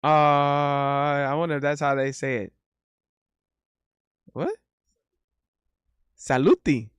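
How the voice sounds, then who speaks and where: A man's voice: fairly high pitch, little pitch movement, slow, a bit bright, smooth, dry recording. A man streaming live and chatting casually, reading viewer messages aloud, joking, laughing often and repeating himself.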